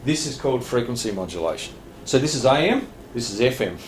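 Fairly quick and animated, this medium-pitched Australian man lectures a radio licence class in a training room. His explanations are plain, broken by frequent restarts and little laughs. Faint hiss and room echo colour the recording.

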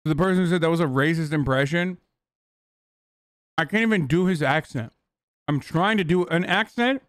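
A man's voice: on the high side, normal speed, dry recording. A man streaming, reacting to a reality show in blunt, casual commentary full of slang and swearing. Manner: blunt, swears freely, lots of "like" and "dude".

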